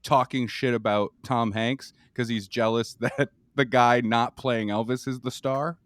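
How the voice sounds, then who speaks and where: A man's voice: medium pitch, fairly even intonation, unhurried, no room sound. A male comedian guesting on a comedy podcast, telling rambling stories with laughing asides. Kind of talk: casual comedy podcast chat.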